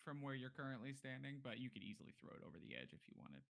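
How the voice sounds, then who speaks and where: A man's voice: medium pitch, big pitch swings, rapid-fire, creaky, fairly bright tone. A man narrating scenes as game master in a casual tabletop game, descriptive with loose fillers.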